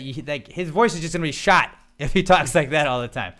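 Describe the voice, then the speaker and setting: Bright, chatty podcast host man. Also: a little high, fast talker. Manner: rambling, laughing storyteller full of restarts. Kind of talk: casual chat.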